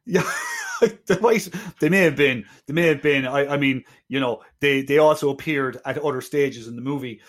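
A man's voice: mid-range voice, normal speed. A man co-hosting a film podcast, talking with many hesitant restarts and a tone of exasperated disbelief. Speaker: podcast co-host. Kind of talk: casual film review chat.

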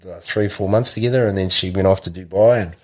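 A man's voice: deep voice, fast. A man, telling a long personal story in casual chat, rambling with many restarts. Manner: rambling, restarts often, acts out quotes.

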